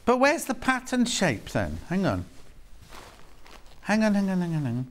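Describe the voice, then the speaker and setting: A man's voice: high voice, wildly swooping pitch, moderate pace. A man with a British accent presenting on a live shopping channel, chatty and rambling with self-mocking asides, in a TV studio.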